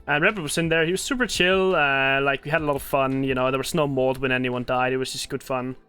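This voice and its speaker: A man's voice: medium pitch, fairly even intonation, fast, bright, forceful tone, smooth, faint music behind. A man hosting a casual gaming podcast, easygoing and swearing freely between fillers.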